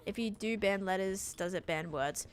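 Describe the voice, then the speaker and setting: A woman's voice: medium pitch, normal speed, slight background noise. A young woman, chatting casually while live-streaming a game and answering chat.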